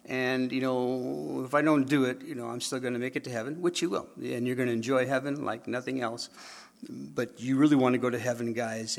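A man with a gravelly voice delivers a sermon to his congregation. He tells stories, acts out both sides of conversations and keeps checking that his listeners are following. His pitch sits in the ordinary middle range for a man. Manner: animated storytelling, acts out dialogue, asks the audience questions. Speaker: preacher.

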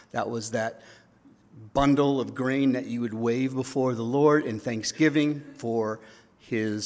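A man preaching a sermon as pastor, chatty and joking, often tagging lines with "okay?" and "right?". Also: medium pitch. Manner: chatty, joking, leans on tag questions. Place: church sanctuary. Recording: long reverb of a church hall.

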